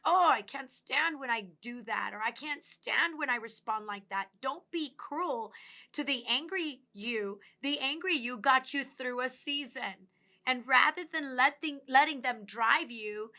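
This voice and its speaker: A woman's voice: on the high side, bright, forceful tone. A woman giving a reflective motivational talk on personal growth, earnest and coaching, speaking straight to the listener and sometimes dropping to a near whisper.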